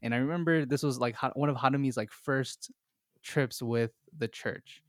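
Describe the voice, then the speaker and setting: A man's voice: medium pitch, normal speed, no echo, clean studio sound. A young adult man hosting a podcast, telling a story in casual chat and laughing often. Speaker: podcast host. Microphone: call recording.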